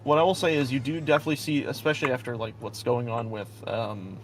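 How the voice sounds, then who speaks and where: A man narrating as game master of a tabletop game, loose and quick, often laughing. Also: mid-range voice, fairly even intonation, faint music behind.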